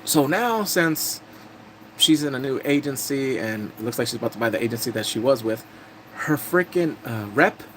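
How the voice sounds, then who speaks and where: A young man casually recapping episodes of a drama, telling it in an animated, blunt way with casual swearing. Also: mid-range voice, moderate pace, slight background noise.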